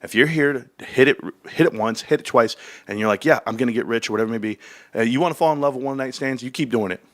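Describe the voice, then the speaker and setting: A middle-aged man hosting his own live stream, talking in a heated, profane and extremely animated way. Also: medium pitch, fast talker, dry recording. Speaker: stream host.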